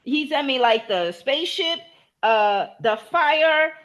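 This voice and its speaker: A woman's voice: high voice, lively intonation, slow, fairly bright tone, highs cut off. Playful laughing woman, casual chat. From Cape Verde. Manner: laughs often, playful, slangy. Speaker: guest.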